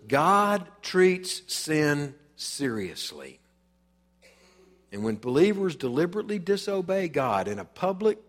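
A man preaching a sermon in a church, dramatic and emphatic, acting out the voices he quotes and swinging from loud to soft. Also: on the high side, long reverb tail. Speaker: pastor. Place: church sanctuary.

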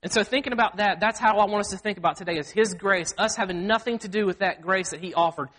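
High-voiced pastor preaching. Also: male voice, fast talker, fairly bright tone. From Mississippi. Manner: earnest, self-deprecating, acts out quoted speech. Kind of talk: sermon. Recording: long hall reverb.

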